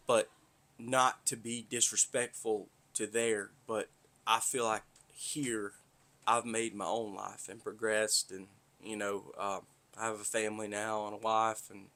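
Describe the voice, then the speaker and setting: Casual podcast host, a Southern-accented man with a lowish voice, blunt and profane, rambling. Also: pushed and bright. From north Florida. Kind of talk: casual monologue.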